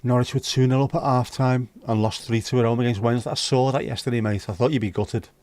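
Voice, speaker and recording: A man's voice: mid-range voice, steady tone, quick pace, darkish tone, dry recording. A man hosting a livestream, chatting casually and jokily with his viewers. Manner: chatty, jokey banter. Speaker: livestream host.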